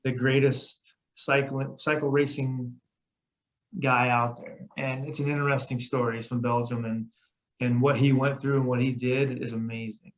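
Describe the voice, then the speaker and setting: A man's voice: medium pitch, flat delivery, moderate pace, dull audio. A man who is a guest on a casual podcast, talking in an easygoing, joking way.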